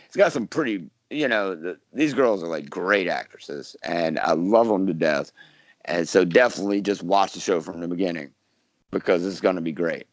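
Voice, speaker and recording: A man's voice: sits low, moderate pace, dry recording. A man from South Carolina, an actor guest chatting casually in an interview, rambling with lots of fillers and restarts. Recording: dull lo-fi dry sound.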